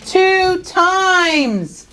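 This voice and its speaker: A woman teaching young students phonics in a school classroom, drawing words out slowly and asking coaxing questions. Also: very high-pitched, expressive, sharp tone. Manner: slow, drawn-out, coaxing questions.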